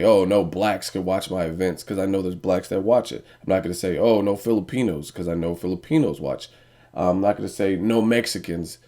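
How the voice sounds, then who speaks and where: Low, dark-toned man, blunt and profane, casual vlog rant. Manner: blunt, profane, repeats "you know what I mean". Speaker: boxing vlogger.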